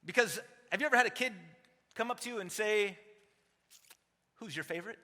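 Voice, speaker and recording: A man's voice: high-pitched, a little fast, sharp tone. A man in his forties preaching a sermon as a teaching pastor, emphatic and conversational, tossing rhetorical questions to the congregation. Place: large church sanctuary. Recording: long hall reverb.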